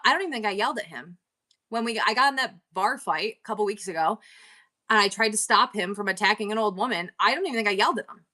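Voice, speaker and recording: A woman's voice: mid-range voice, pushed and bright. A middle-aged woman hosting a live selling stream, talking candidly and rambling with frequent laughs. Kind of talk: casual live-stream chat.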